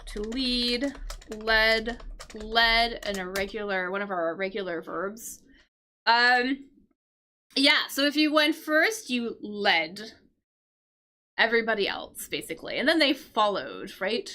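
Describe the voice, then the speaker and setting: A woman's voice: on the high side, expressive, takes it slowly, pushed and bright. A woman teaching English vocabulary on a live stream, explaining words patiently, checking in with "right?" and answering her chat.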